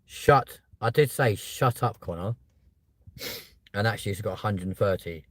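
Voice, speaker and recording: A young man with a lowish voice, cursing freely and muttering to himself as he films on his phone. He talks from a car and then from inside a large supermarket, with clear vehicle and shop noise around him. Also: a little fast, a bit bright. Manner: blunt and sweary, mumbling asides. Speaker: vlog presenter. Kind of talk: casual vlog banter. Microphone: handheld phone while filming.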